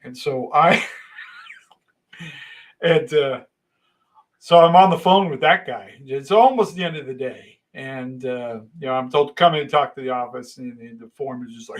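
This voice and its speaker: A middle-aged man telling a long casual story, animated, with sudden loud bursts and hushed asides. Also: medium pitch, normal speed.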